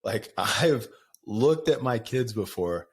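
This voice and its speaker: A man's voice: fairly low pitch, expressive, slow pace, a little hiss or hum. Candid middle-aged man, laughing as he rambles. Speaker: podcast host. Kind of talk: casual conversation.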